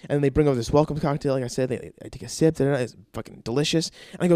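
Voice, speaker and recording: A man casually telling an anecdote with lots of swearing, fillers and animated energy. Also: mid-range voice, very fast, no room sound, studio quality. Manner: animated, profanity-laced storytelling with frequent fillers.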